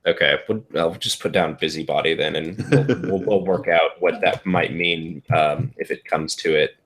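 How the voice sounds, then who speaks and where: A man with a low voice is a player in a casual tabletop game. He feels his way through each idea, hesitating and thinking aloud. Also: fairly even intonation, normal speed, fairly bright tone.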